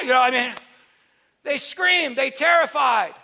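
High-voiced, bright male preacher. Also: unhurried, vocal fry, pauses often. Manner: swings from quiet teaching to loud shouted preaching. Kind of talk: sermon.

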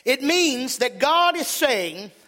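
A male pastor preaching a sermon, emphatic and building up to shouts. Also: extremely high pitch, sing-song, takes it slowly. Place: church. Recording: long reverb of a church hall.

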